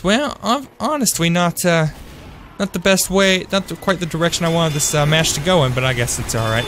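A young man livestreams a shooter game, chatting upbeat with viewers and greeting them by name in a slightly high, somewhat bright voice. He often corrects himself mid-sentence and trails off with fillers. There is slight background noise.

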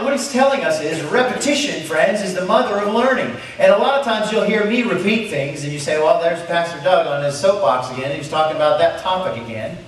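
A man's voice: sits high, very echoey, far from the mic, a little hiss or hum, rough recording. A man pastor preaching a sermon verse by verse, asking the congregation rhetorical questions and repeating key points.

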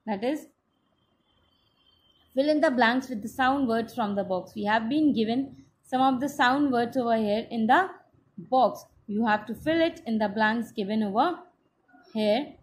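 A woman teacher with an Indian English accent, giving a slow, patient class lesson that spells out each step. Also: a little high, slight background noise.

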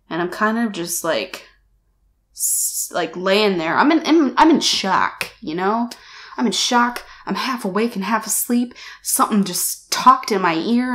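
A woman's voice: medium pitch, fairly bright tone. A woman vlogger telling a story to the camera in a casual, chatty way, full of "like" and "you know", with some casual swearing, recorded on a camera-mounted shotgun mic.

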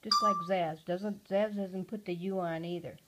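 A woman at home talking to her pet parrot in a casual home video, cooing softly and often dropping to a hush. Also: fairly low pitch, fairly even intonation, normal speed, very noisy. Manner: soft, cooing talk to a pet, often hushed.

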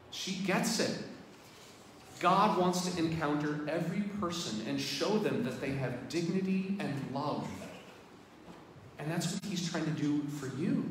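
A man, a priest, giving a sermon in a conversational way and speaking straight to the congregation. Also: fairly high pitch. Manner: conversational, addresses the congregation directly. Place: large church. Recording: very echoey church, distant mic, background noise.

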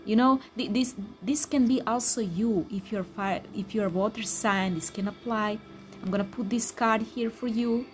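A woman who speaks English as a second language, giving a tarot card reading in an emphatic, repetitive way with excited exclamations. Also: on the high side, normal speed, a little hiss or hum. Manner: non-native English speaker. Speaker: tarot reader.

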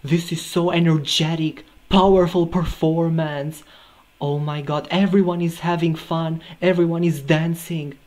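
A man's voice: on the high side, steady tone, measured pace, a little mellow. A man recording a music reaction video. He gushes with repeated exclamations of delight. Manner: gushing and effusive, repeating exclamations. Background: faint music from the video being watched.

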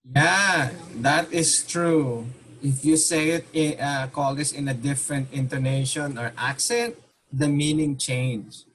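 A man's voice: a little high, steady tone, unhurried, a bit bright, a little hiss or hum. A man teaching an online Tagalog class, patiently repeating questions and mixing Tagalog with English.

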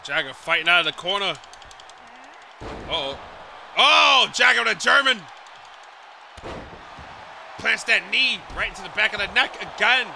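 A man calling a wrestling match as commentator, with excited play-by-play that keeps breaking into shouts, exclamations and swearing. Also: high voice, a little slow, creaky, pauses often, slight background noise.

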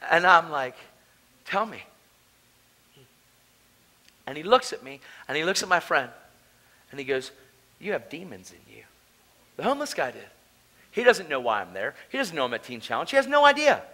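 A man with a high, bright, ringing voice delivers a testimony sermon at a conference. He drops to near-whispers as he sets a scene, then climbs into raw, emotional shouts. The delivery is intense, personal and unscripted. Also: very animated, fast, low-quality recording. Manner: emotional, swings from hushed storytelling to shouting. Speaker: preacher.

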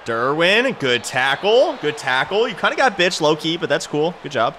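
An excitable man trash-talks his way through a football video game, his voice swinging wildly up and down. His tone is bright and sharp. A faint hiss sits under the recording. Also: fairly high pitch, moderate pace. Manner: excitable, trash-talking, yells at players. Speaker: gaming YouTuber. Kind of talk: live gameplay commentary.

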